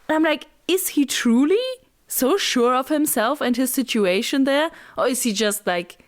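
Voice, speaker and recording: A woman with a slightly high voice co-hosts a casual book chat. She talks in an animated way, often giggling and trailing into fillers. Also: measured pace. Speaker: podcast co-host.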